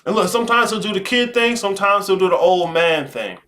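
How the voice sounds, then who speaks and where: A man hosting a live stream, talking casually and profanely, swinging between low musing and loud preachy rants. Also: expressive, fairly quick. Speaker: live show host.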